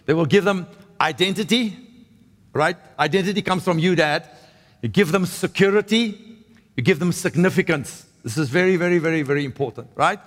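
Guy preaching in a church hall, kinda high voice, chatty, keeps saying right?, long echo. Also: brisk, fairly bright tone. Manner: conversational, frequent "right?" and restarts. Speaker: pastor. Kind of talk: sermon.

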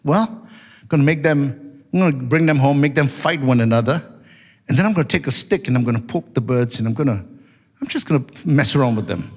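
A man's voice: medium pitch, expressive, brisk, darkish tone. A man voicing an offhand, boastful boy who torments the birds he has caught. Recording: long hall reverb.

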